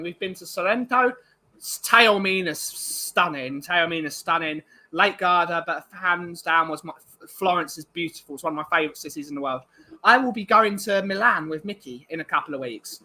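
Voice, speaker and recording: A man's voice: sits high, pushed and bright. A young man co-hosting a casual livestream, rambling with lots of fillers and restarts while reading out viewer comments. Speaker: livestream co-host.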